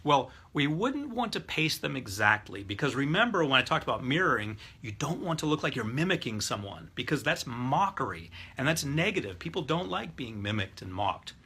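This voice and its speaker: A man's voice: medium pitch, sing-song, normal speed, few pauses, bright, forceful tone, slightly rough. A middle-aged man lecturing a live class on rapport techniques, explaining step by step and demonstrating voices and breathing aloud. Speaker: hypnotist teaching NLP.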